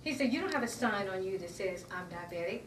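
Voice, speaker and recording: Woman interviewee, earnest and emotional, halting retelling; roomy room, mic at a distance, faint hiss. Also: medium pitch, lively intonation. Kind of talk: personal account in an interview.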